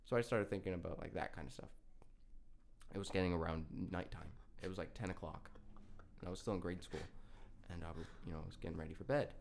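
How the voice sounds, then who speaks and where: A man's voice: sits low, fast, vocal fry, a little hiss or hum. Young male podcast co-host, loose rambling storyteller, profane and laughing. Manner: laughing, swearing, rambling with restarts. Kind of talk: casual storytelling chat.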